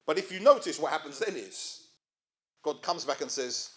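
A man's voice: on the high side, animated, moderate pace, a bit bright. A middle-aged man, preaching a sermon in a conversational way and asking his listeners questions. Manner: conversational, asks the audience rhetorical questions.

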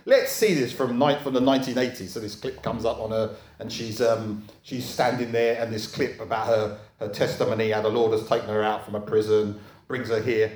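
A man's voice: on the low side, steady tone, a little fast, a little mellow. A man preaching a sermon in a conversational way, often checking in with his listeners. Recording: echoey room.

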